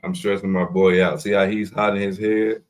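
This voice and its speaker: A man with a very low voice talks casually over a video call. He walks through how his snakes breed step by step, circling back and repeating himself as he explains. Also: little pitch movement, moderate pace, crowd noise. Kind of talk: casual show-and-tell chat.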